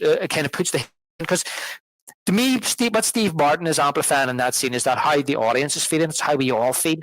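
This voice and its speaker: A man's voice: on the high side, a bit bright, dry recording, rough recording. Talkative man co-hosting a film podcast. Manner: rambling, many restarts and fillers, retells scenes. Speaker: podcast co-host. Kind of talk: casual film discussion. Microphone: podcast microphone.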